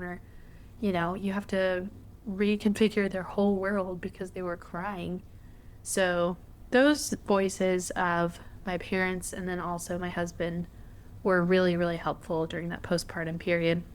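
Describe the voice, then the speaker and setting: A woman's voice: on the low side, fairly even intonation, moderate pace. A young woman hosting a podcast, telling a personal story in a candid, conversational way. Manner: candid, conversational, frequent fillers. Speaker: podcast host.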